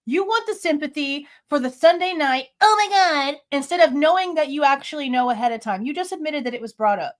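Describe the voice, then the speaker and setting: Indignant woman reacting to clips. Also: sits high. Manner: blunt, indignant, scornful. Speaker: true crime reaction host. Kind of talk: heated commentary over clips.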